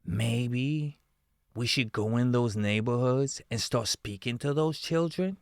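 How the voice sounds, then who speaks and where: A man's voice: medium pitch, slow, clear, resonant tone, no echo, clean studio sound. A man giving heated reaction commentary, swearing often and firing off rhetorical questions.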